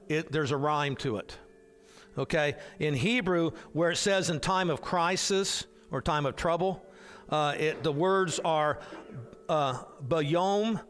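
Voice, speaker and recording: A man with a slightly raised pitch leads an adult Bible class in a loose, conversational way. He often restarts his sentences and fills gaps with filler sounds as he works through the text. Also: a bit bright. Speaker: hospital chaplain. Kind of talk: casual Bible class teaching.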